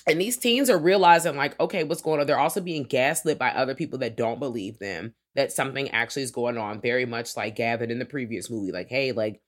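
A man's voice: mid-range voice, fast talker, few pauses. Slangy man co-hosting a film podcast. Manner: loose, slangy and profane, heavy on filler words. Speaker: podcast co-host. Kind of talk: casual film-review chat.

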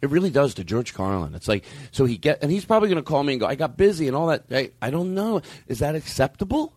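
A middle-aged man hosting a comedy podcast, ranting in an exasperated, animated way with plenty of restarts and swearing. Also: fairly high pitch, quick pace, no room sound, clean studio sound. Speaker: podcast host.

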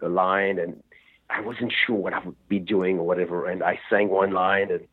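A man, a rock singer, telling stories in a rambling, animated way during an interview. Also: sits low, moderate pace, husky. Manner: rambling, animated storytelling with restarts. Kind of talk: phone interview. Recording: tinny phone line.

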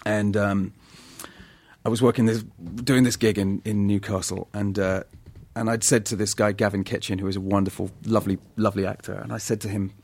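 A man's voice: lowish voice, little pitch movement, fairly quick, darkish tone. A man with an English accent, an actor telling funny anecdotes in casual chat, full of restarts and laughter. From England.

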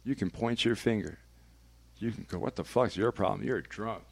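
A man with a low, gravelly voice tells a personal story in a candid, confessional way. He speaks as a radio personality would, emphatic and blunt, swearing freely. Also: normal speed, no room sound.

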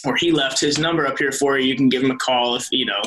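Speaking fast with a sharp tone and fairly even intonation, this young man's medium-pitched voice comes through poor audio with slight background noise. He's a soap actor guesting on an interview, telling stories in a loose, rambling way, often restarting, correcting himself and laughing.

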